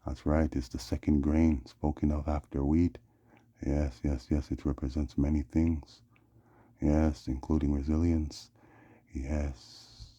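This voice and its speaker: A man's voice: rumbling low, flat delivery, takes it slowly, warm tone, no echo, dull audio. A man delivering a rambling vlog monologue, repeating "yeah" and "yes" as refrains. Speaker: vlogger.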